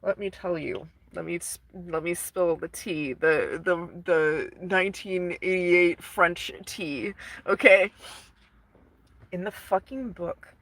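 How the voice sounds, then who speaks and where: A woman's voice: fairly low pitch, slow, no room sound. A woman casually retelling a story to camera, rambling, swearing and full of fillers. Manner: rambling, profane, animated retelling. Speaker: vlogger.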